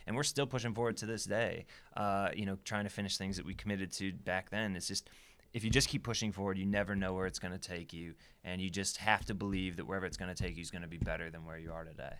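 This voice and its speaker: A man's voice: deep voice, fairly even intonation, quick pace, a bit bright, clean tone. A man, a guest on an interview, telling his story in an earnest way and repeating phrases for emphasis. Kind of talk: casual storytelling.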